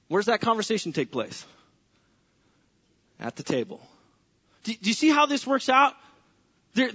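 A man's voice: very high-pitched, pushed and bright. A pastor preaching a sermon to his congregation, acting out the voices of people praying and talking with the people in the room. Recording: echoey hall, dull lo-fi sound.

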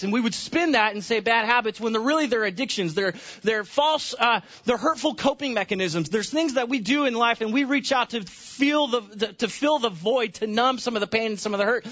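A man's voice: very high-pitched, bright, forceful tone, highs cut off. A man preaching a Sunday sermon in a church, conversational, often repeating words and restarting phrases. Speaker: pastor.

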